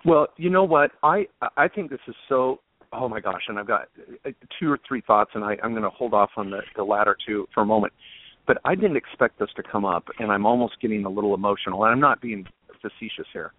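A man's voice: lowish voice, fast talker. A man hosting a talk show panel, speaking in an effusive, casual way and often repeating words. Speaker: host. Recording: tinny phone-like line, dry.

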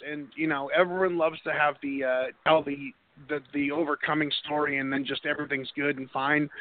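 A man from the Boston area who hosts a radio show, talking with a guest in long, encouraging stretches. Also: fairly high pitch. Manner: warm and encouraging, talks in long run-on stretches. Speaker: radio host. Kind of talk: radio interview talk. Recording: phone-line audio.

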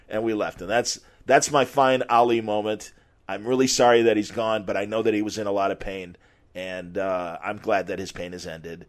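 A man's voice: fairly low pitch, normal speed. Man telling a story on a podcast. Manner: animated, acts out quotes. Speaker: podcast host and former sports reporter. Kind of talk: casual anecdotal storytelling.

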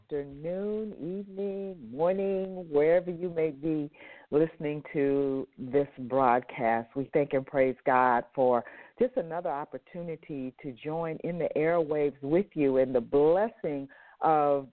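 A woman's voice: deep voice, a little slow. A woman hosting a faith talk radio show, her voice nasal from congested sinuses, speaking fervently and repeating words for emphasis. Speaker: host. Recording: phone line.

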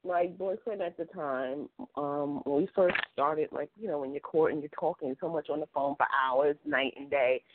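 A woman author chatting as a guest, an animated storyteller who acts out the dialogue in her stories. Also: low voice, normal speed, few pauses, slight background noise. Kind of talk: casual chat. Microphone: phone. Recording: phone line.

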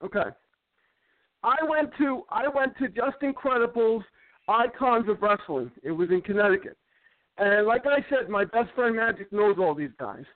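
Man, high voice, rambling storyteller who stammers and repeats words, on a dry, tinny phone-quality line. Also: animated, moderate pace, no echo. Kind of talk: casual chat.

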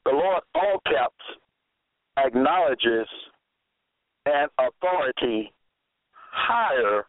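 A man preaching in a slow, measured, emphatic way, repeating key phrases as he presents a case. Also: medium pitch, expressive, no echo. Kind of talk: slow deliberate sermon. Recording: dry tinny phone-like sound.

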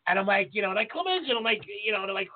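A man's voice: high voice, little pitch movement, racing. A man co-hosting a casual podcast, blunt and profane as he tells brash stories about other chefs. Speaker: podcast co-host, chef. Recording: tinny phone line with faint noise.

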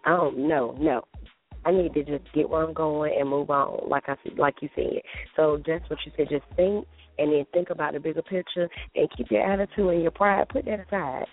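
Earnest male co-host, reasoning calmly, muffled lo-fi audio. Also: a little high, normal speed. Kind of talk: casual chat.

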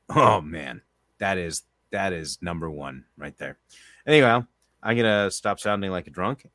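A man hosting a casual podcast, rambling and chatty, rattling off lists at a quick clip. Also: lowish voice, a bit bright, dry recording, clean studio sound. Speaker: podcast host and trivia host.

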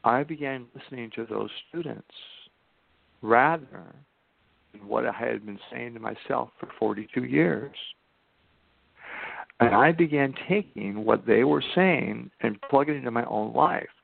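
Gravelly older man on a phone line. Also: mid-range voice. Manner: emphatic, slows down for key points. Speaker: guest. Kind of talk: podcast interview storytelling. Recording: tinny phone-line sound.

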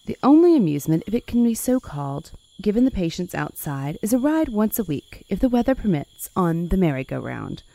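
A woman's voice: mid-range voice, sing-song, brisk, gravelly, hardly any pauses, mellow. A woman hosting a conversational history podcast, reading passages aloud dramatically and adding wry asides. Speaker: podcast host.

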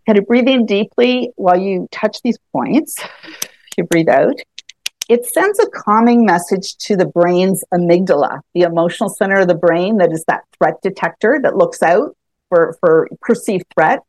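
A woman guest explaining a self-help tapping method in casual conversation, animated and quick to laugh, often restarting her sentences. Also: lowish voice, dry recording. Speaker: EFT tapping practitioner, guest.

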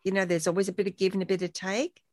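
A woman's voice: medium pitch, little pitch movement, rapid-fire, no echo. Reflective woman telling stories, dry sound. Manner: warm, reflective storytelling with acted quotes. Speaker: guest on a support talk show. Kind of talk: casual conversational chat.

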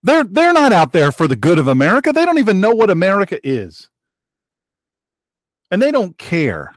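A man's voice: wildly swooping pitch, moderate pace, no room sound. A man hosting his own broadcast, giving emphatic political commentary with heated repetition. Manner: heated and emphatic, with sharp pitch jumps and repetition. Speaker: host of an online broadcast.

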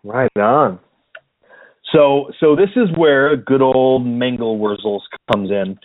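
A man's voice: mid-range voice, measured pace, dry recording. A man co-hosting a podcast in casual chat, easygoing and hesitant, with many filler words. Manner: hesitant, lots of ums, easygoing. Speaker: podcast co-host. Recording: dry, phone-like narrow sound.

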